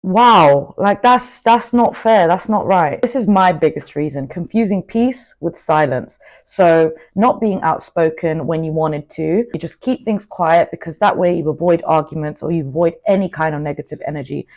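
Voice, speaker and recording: A woman's voice: deep voice, moderate pace, few pauses. Outspoken woman vlogging. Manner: outspoken and animated, with frequent asides. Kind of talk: casual motivational monologue to camera.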